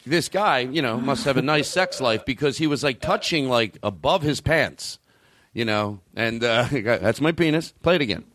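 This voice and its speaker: A man's voice: medium pitch, normal speed, no echo, clean studio sound. A middle-aged man hosting a comedy podcast, chatting loosely and rambling, often stopping himself mid-thought. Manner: rambling, excitable, stops to comment. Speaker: podcast host. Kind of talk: casual comedy chat.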